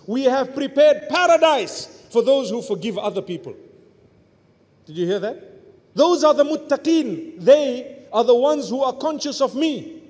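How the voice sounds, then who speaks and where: A male preacher with a high voice delivers a religious sermon. He builds to loud, urgent peaks and then falls to quiet, low murmurs. His voice trails off into a long hall reverb. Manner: rises to near-shouts, then drops to soft low murmurs. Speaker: Islamic preacher.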